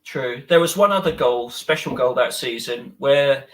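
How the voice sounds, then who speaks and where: A man's voice: medium pitch, moderate pace. Enthusiastic man reminiscing about old matches. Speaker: podcast host, fan. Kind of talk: casual podcast chat.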